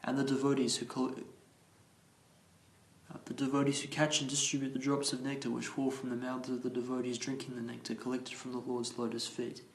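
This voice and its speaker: A man's voice: medium pitch, monotone. Man reading scripture in a roomy space. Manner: slow, careful reading with restarts on chanted verse words. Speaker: class leader reading scripture. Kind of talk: reading aloud and explaining scripture. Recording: roomy echo.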